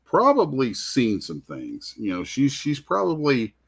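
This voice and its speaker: The host's voice is medium-pitched, creaky, a bit bright and breathy, with huge swings in pitch and no hurry. Chatting casually at his convention booth, the comic artist tells a wandering, sincere story and restarts often.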